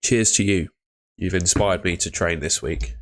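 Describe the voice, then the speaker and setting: A man's voice: low-pitched, a little slow, slight background noise. A man hosting a casual live stream, chatting upbeat with viewers and greeting them by name. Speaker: livestream host.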